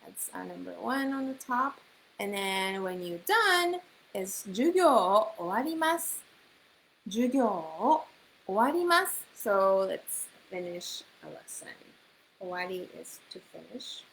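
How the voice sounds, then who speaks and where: Woman teaching japanese, slow and patient, repeats phrases a lot, bright voice. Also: medium pitch, big pitch swings, gravelly, low-quality recording. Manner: explains phrases slowly, repeats them, mixes Japanese into English. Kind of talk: online language class. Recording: faint hiss.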